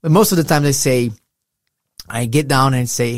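A man's voice: medium pitch, moderate pace, dry recording, studio quality. A middle-aged man co-hosting a casual Bible discussion, earnest and reflective in a pastoral way. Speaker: podcast co-host.

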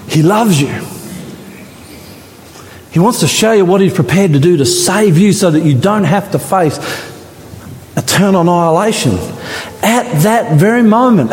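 A man preaching a dramatic sermon in a church, his voice rising higher and louder at the climaxes. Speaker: pastor. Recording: church hall with long reverb.

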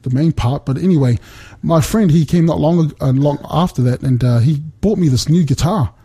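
A middle-aged man speaks earnestly about faith, often stopping and restarting his sentences. His voice is mellow and a little husky. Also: a little high. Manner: earnest, halting, many restarts. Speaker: guest speaker. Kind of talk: faith talk on a remote call.

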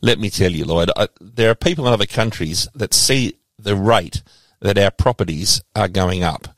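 Aussie guy cohost, lower voice, laughs easy, talks freely, dry close mic. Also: normal speed, no echo. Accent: Australian. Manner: chatty, laughs easily, takes ribbing. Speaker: co-host. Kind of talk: casual chat.

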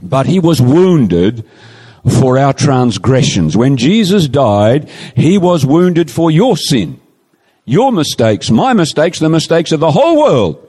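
Preacher man with lively pitch, reverberant hall. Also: husky. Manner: emphatic, pleading, drawn-out quoting of scripture. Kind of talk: sermon.

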